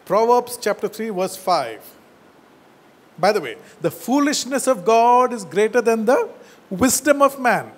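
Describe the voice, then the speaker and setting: A man preaching a sermon as a pastor, slowing down to quote scripture and dropping his voice low and soft at the ends of phrases. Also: big pitch swings. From India.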